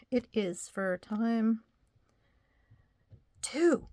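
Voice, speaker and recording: A woman's voice: mid-range voice, slow, warm tone. Tired, rambling woman chatting at home. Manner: rambling, self-deprecating, chatty with viewers. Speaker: vlogger. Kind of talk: casual personal video diary.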